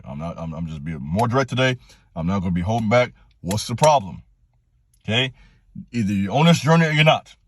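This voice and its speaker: A man's voice: no room sound, studio quality. Fired-up man preaching straight to the camera. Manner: direct, preachy, repetitive exhortations, rising to passionate pitch. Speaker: channel host giving motivational talks. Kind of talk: fired-up motivational monologue.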